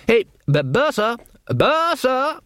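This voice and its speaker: A man voicing a blustering older male wizard chief who stammers and raises his pitch in an audiobook. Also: wildly swooping pitch, slow pace, a bit bright, smooth, no room sound, clean studio sound, exaggerated voice. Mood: bluff.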